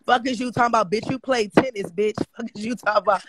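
A man's voice: high voice, fast. A young man roasting someone with profane taunts, hammering the same jab again and again. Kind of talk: profane trash talk roast. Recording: noisy casual recording.

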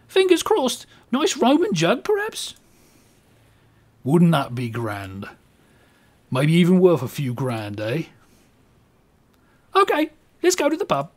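A man voicing a cheery male mudlark in a bad put-on English accent, high and swooping. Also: wildly swooping pitch, takes it slowly, pauses often, darkish tone, exaggerated voice. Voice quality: high, sing-song, swooping.

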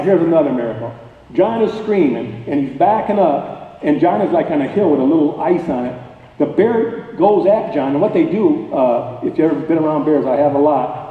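A man giving a guest talk, telling a personal story to an audience at a chapel dinner in a folksy, animated way. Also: a little high. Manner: folksy, animated storyteller, grows louder at tense moments. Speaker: guest speaker. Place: chapel hall at a dinner event. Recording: tinny, echoey hall, voice far from the mic.

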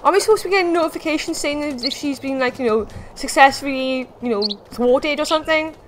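A woman's voice: sits high, fast, background noise. A woman chatting to viewers while she plays a game and reacts to what happens on screen. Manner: reacts aloud to on-screen action. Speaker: gaming video host. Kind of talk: casual gameplay commentary.

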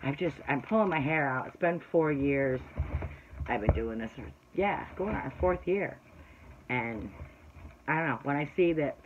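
A woman's voice: sits low, expressive, normal speed. A woman vlogger rambles casually through an unboxing haul and talks straight to her viewers. She sometimes turns to exasperated complaining about her audience. The recording sounds slightly dull and lo-fi, with a faint hiss underneath. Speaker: craft vlogger and shop owner. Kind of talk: chatty unboxing haul video.

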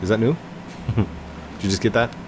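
Gaming host, man, low voice, unhurried delivery, over a steady background hum. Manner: chatty, jokey, giggles and talks to his teammate. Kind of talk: casual gameplay commentary.

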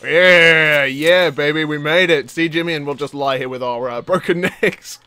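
A young man giving live gameplay commentary, excitable and yelping and laughing as things go wrong. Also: a little high, moderate pace, smooth, dry recording. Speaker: gaming channel host.

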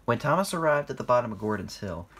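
A man's voice: medium pitch, lively intonation, fast, fairly bright tone, slightly rough, faint music behind. A man reading his own fan story aloud, informally and with small slips.

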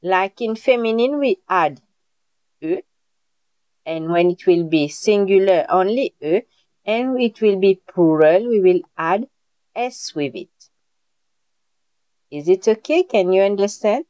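A woman's voice: medium pitch, animated, slow pace, pauses often, darkish tone, clean tone, dry recording. A woman whose first language is French, teaching a live online beginner class in a patient, repetitive way and checking in with her students often. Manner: patient, repeats points and checks in with "Okay?". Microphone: video call.

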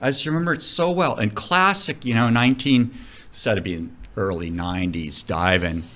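A middle-aged man, a commercial diving instructor, telling stories in a casual interview, animated and profane. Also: fairly low pitch, a little fast. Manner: animated, profane, vivid storyteller.

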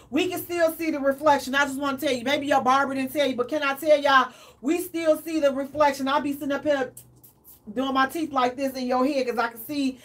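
A woman hosting a radio advice chat in an animated, emphatic, preachy way. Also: high-pitched, distant mic. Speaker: radio show host.

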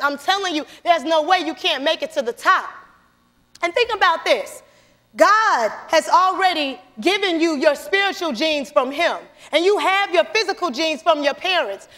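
A young woman giving an animated motivational speech in a church, calling out to the audience as she tells stories. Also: very high-pitched. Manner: animated, calls to the audience, storytelling. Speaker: motivational speaker. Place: church sanctuary. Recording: long church hall reverb.

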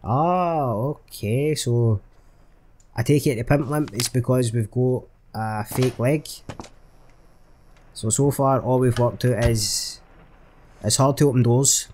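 A man on a gaming channel plays a horror game, narrating with swearing, jokes and jumpy reactions while still recovering from a chest infection. His mid-range, darkish voice goes slowly with long pauses, and there's a little hiss or hum underneath.

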